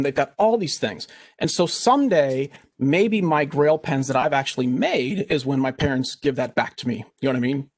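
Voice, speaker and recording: A man's voice: mid-range voice, expressive, normal speed, no echo. A man who makes pens talking in a rambling, heartfelt way on a video call panel. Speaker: penmaker panelist. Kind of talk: casual panel discussion.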